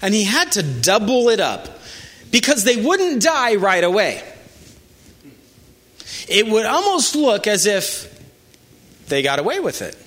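A male pastor preaching a sermon in an animated, emphatic way with asides to the congregation. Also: high-pitched, measured pace, pauses often.

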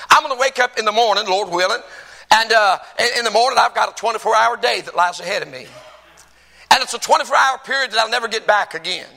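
A man's voice: sits high, fast, creaky, sharp tone, low-quality recording. A man preaching a sermon as pastor, stressing and repeating key phrases.

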